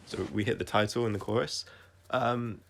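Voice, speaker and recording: A man talking through his own songs on a casual livestream, reflective and halting, often restarting his sentences and trailing off quietly. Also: lowish voice, steady tone, gravelly, soft background music. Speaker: singer-songwriter explaining his songs.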